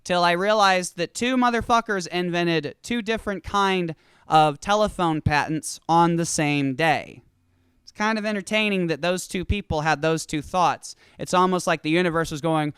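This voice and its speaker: A show host delivering a rambling, profane, animated stoned comedy rant. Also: mid-range voice, moderate pace, clean tone, dry recording, studio quality. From California.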